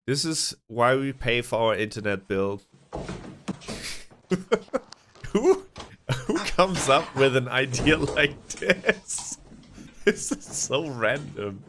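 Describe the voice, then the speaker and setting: A man's voice: mid-range voice, sing-song, slow, long pauses, background noise. A man hosting a casual stream chat, rambling with restarts and frequent chuckles. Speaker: streamer host.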